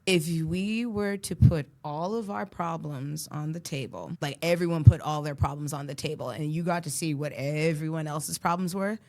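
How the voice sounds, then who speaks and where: Podcast co-host, woman, deep voice, uplifting and playful delivery. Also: moderate pace, hardly any pauses, darkish tone. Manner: encouraging, preachy, playful. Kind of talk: casual podcast chat.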